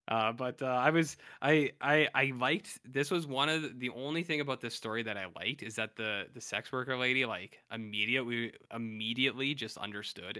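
Recapping a TV episode on a podcast he co-hosts, a man with a medium-pitched, pushed, and bright voice rambles casually, filling the talk with fillers and loosely paraphrased quotes.

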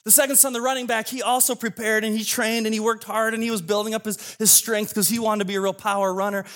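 A man's voice: high voice, little pitch movement, quick pace, fairly bright tone. A man preaching a sermon, retelling a parable as a modern story with acted dialogue and casual asides. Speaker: pastor.

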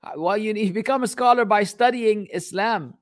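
Hosting a relaxed live question-and-answer session, this man responds to viewers' questions in a high-pitched voice at a normal speed. His tone is blunt and fed up, yet he keeps joking and sprinkles in Arabic expressions.

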